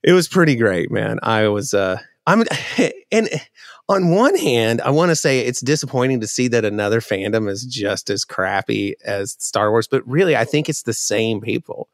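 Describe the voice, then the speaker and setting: A man co-hosting a podcast in casual chat, sarcastic and animated when telling a story. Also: medium pitch, normal speed, dry recording, studio quality. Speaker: podcast co-host.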